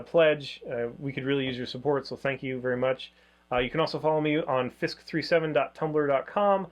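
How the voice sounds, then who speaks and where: A man co-hosting a review show in casual chat, a rambling and animated storyteller. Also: medium pitch, highs cut off.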